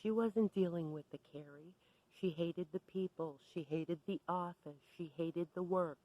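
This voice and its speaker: A woman's voice: fairly low pitch, normal speed, mellow, low-quality recording. A woman telling a story to camera in a sardonic, exasperated rant. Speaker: vlogger.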